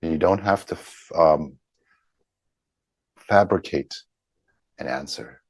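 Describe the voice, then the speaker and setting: Slow, deep-voiced man guiding a session. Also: breathy edge, no echo. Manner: slow, gentle, halting, with many pauses and fillers. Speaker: healing session leader. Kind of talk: guided group healing session over video call. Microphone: video call.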